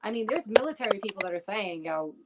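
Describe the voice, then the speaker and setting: Animated and fast, a woman with a mid-range voice spins a casual story thick with swearing and quoted back-and-forth. Clicks and noise run through the recording.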